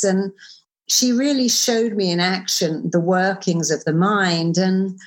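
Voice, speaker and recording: A middle-aged woman who is a therapist and author, speaking as an interview guest in an animated, emphatic way with quick asides. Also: mid-range voice. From United Kingdom. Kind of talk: conversational interview.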